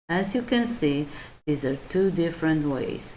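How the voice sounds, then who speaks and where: Lowish-voiced Macedonian woman teaching English. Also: lively intonation, a little mellow, slight background noise, low-quality recording. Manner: explains slowly with small restarts and fillers. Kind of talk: online lesson reading examples.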